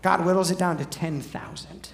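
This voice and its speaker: Pastor preaching with a gravelly voice. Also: male voice, high-pitched, fairly even intonation, normal speed, roomy sound. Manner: conversational, asks the audience questions. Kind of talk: sermon.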